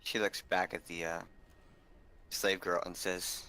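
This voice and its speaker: Man, player, low but bright, halting delivery. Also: little pitch movement, clean tone. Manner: hesitant, with fillers. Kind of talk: casual tabletop role-play.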